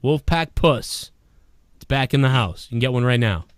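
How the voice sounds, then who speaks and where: A man hosting a live-streamed talk show, ranting profanely and swinging between a low grumble and loud shouting. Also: animated, normal speed, clean tone, dry recording. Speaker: podcast host.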